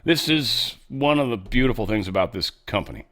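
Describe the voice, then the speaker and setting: A man's voice: expressive, normal speed. Loose, joking male commentary host. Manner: loose, joking, sarcastic, swings between loud bursts and low mutters. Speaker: show host. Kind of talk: casual commentary with ad read.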